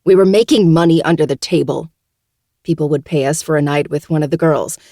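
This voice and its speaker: A woman's voice: low voice, a little fast, mellow, no room sound, clean studio sound. A woman voicing a venomous, cornered young woman who seethes, screeches and pleads. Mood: seething.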